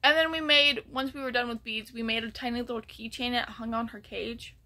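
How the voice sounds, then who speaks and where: A woman's voice: on the high side, steady tone, brisk, sharp tone. A woman telling a story in a casual vlog, rambling with many ums and restarts and sometimes dropping to a near whisper. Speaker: vlogger.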